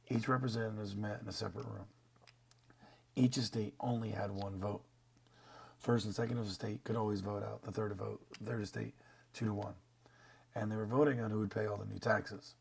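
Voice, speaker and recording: A man's voice: lowish voice, gravelly, darkish tone, slight background noise. A man teaching a history lesson over slides, casual and joking with slang asides. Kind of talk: classroom lecture over slides.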